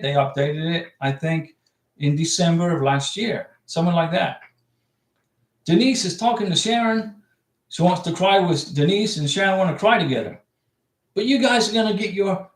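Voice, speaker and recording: A man's voice: sits high, reverberant. A man hosting a casual livestream, reading viewer comments aloud and giving blunt, reassuring advice.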